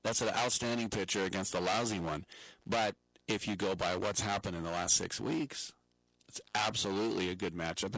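Deep-voiced sarcastic male sports host. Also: gravelly, fairly bright tone, dry recording, poor audio. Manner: sarcastic, jokey, laughs at own puns. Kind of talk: opinionated sports talk.

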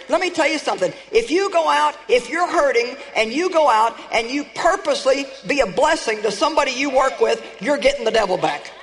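A woman's voice: high-pitched, lively intonation, a little fast, hardly any pauses, background noise. A woman preacher delivering a sermon, emphatic and calling on her audience to respond. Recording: long reverb of a large hall.

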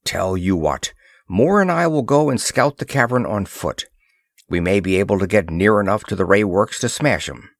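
A man's voice: on the low side, animated, normal speed, gravelly, dry recording, clean studio sound. A man voicing a determined male expedition leader who talks bluntly and emphatically. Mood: firm. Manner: firm, clipped, emphatic speech.

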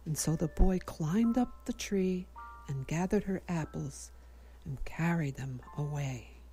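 Gentle woman storybook narrator, slow and mellow, faint music behind. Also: deep voice. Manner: gentle, measured, sometimes whispering. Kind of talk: children's story reading.

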